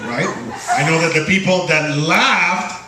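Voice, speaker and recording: A Puerto Rican man does stand-up in a small bar, speaking in Puerto Rican Spanish at an unhurried pace with a fairly high voice. He's playful and teases the crowd, and the distant, echoey recording is very noisy, with crowd laughter in the background.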